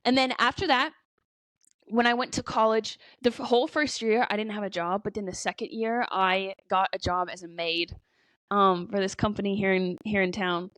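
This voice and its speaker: A woman's voice: mid-range voice, steady tone, normal speed, a bit bright, no room sound. A woman in her twenties co-hosting a casual podcast, telling stories with lots of "like" and "you know" and swearing now and then. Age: 20s. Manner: chatty storytelling full of "like" and "you know". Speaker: podcast co-host. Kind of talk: casual chat.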